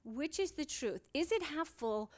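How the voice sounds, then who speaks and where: High-voiced woman giving a humorous motivational talk. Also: lively intonation, a little slow. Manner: humorous storytelling with rhetorical questions to the audience. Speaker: psychiatrist and motivational speaker. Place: conference stage before a live audience.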